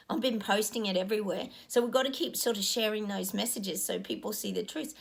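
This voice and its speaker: Gravelly-voiced woman rambling earnestly. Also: medium pitch, brisk. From Australia. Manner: rambling, earnest, with frequent ums. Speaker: psychic giving predictions. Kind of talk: casual monologue to viewers.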